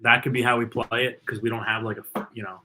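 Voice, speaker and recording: Fast-talking bright-voiced man. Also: mid-range voice, poor audio. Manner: rambling, filler-heavy, excitable. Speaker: co-host of a fan watch-party stream. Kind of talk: casual live game-watching chat.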